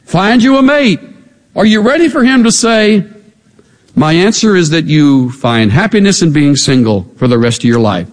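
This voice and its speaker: Male pastor, bright high voice, lively humorous sermon delivery, reverberant sound. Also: normal speed. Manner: animated, humorous, rhetorical questions.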